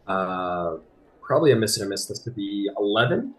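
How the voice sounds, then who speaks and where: A man narrating a tabletop game as game master, relaxed and rambling with many fillers. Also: fairly low pitch, moderate pace, faint music behind.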